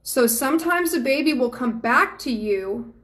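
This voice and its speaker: A woman's voice: high-pitched, animated, normal speed, a bit bright. A woman from Georgia, hosting a live stream as a psychic medium and chatting earnestly and affectionately with viewers. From Georgia, USA.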